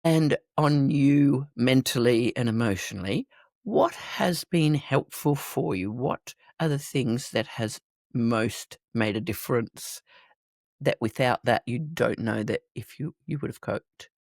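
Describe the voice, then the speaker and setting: Podcast host, gravelly voice, dry sound, measured questioning. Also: mid-range voice, darkish tone, no room sound. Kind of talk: interview questions.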